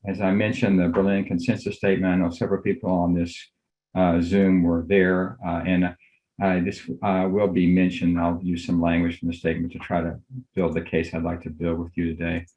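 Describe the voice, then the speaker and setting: An older man, a physician, giving a measured academic lecture on a video call, courteous and full of fillers. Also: low-pitched, monotone, mellow, lo-fi sound. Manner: measured, courteous, thinks aloud with many fillers.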